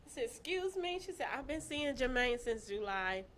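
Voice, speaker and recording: A woman telling her own story in casual chat, animated and laughing, acting out the voices of people she quotes. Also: on the high side, brisk, a little hiss or hum.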